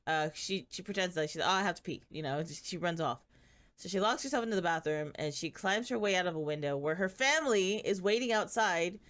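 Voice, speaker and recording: A woman's voice: on the low side, lively intonation, brisk, fairly bright tone. A woman casually recapping a soap drama for her channel, chatty and sardonic, often laughing. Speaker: channel host.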